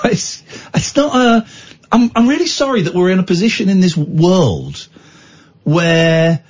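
Teasing radio host, lively pitch. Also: male voice, a little slow, muffled recording. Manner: teasing, mock-exasperated, jokey. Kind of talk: casual radio banter.

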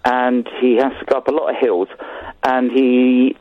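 Deadpan male caller on phone line. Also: medium pitch, measured pace, no echo. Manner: deadpan, absurd jokes. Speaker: radio caller.

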